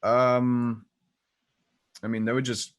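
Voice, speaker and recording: A man's voice: mid-range voice, level tone, slow, clean tone. A young man playing a tabletop game, joking bluntly in casual banter. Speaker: player. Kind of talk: casual gaming chat.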